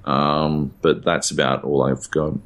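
A man with an extremely deep, low-pitched voice chats casually on a podcast. He rambles through his stories, piling up fillers and dropping casual swears as he goes. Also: flat delivery, a little slow, slight background noise. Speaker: podcast co-host. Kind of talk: casual chat.

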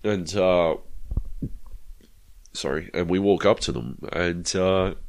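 A man's voice: sits low, slow pace, vocal fry. An Australian man telling a rambling, profanity-laced story on a casual gaming podcast. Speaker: podcast co-host. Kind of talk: casual chat.

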